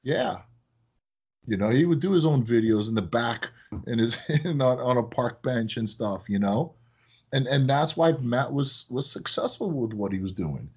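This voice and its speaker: A man who owns a business, chatting in a casual podcast and telling animated stories that act out his phone calls. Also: medium pitch, moderate pace, husky, highs cut off. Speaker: business owner, guest.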